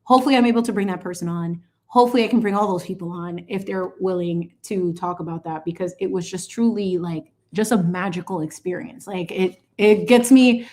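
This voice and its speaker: Brisk and fairly low-pitched, with few pauses, this woman chats as she paints on her channel's livestream. Her manner is animated and sassy, playful with frequent asides, and she blends in bits of Spanish.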